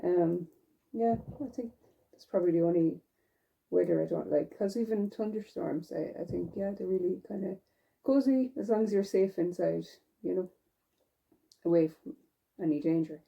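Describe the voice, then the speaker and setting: A woman's voice: on the low side, normal speed, vocal fry, long pauses, slightly rough, dull audio. A woman vlogger chatting casually while she knits, rambling from one thought to the next. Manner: rambling and chatty, with fillers and self-corrections. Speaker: knitting vlogger. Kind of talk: casual chat while knitting.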